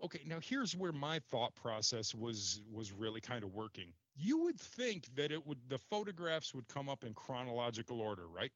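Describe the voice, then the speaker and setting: Man, casual storytelling chat, lively bright voice, dry close sound, exasperated. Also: medium pitch, moderate pace, hardly any pauses, dry recording, highs cut off. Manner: animated, exasperated, swears casually.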